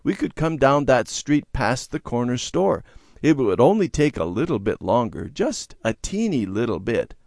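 A man voicing a young boy who tells fibs in a children's storybook, speaking a little higher and coaxing. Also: sing-song, normal speed, gravelly, a little mellow, no room sound, studio quality. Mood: wheedling. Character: young boy, fibbing and sulky.

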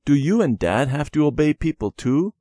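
A man's voice: moderate pace, no room sound, clean studio sound. A man voicing a stubborn, eager young girl in a storybook lesson. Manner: high excited childlike voice.

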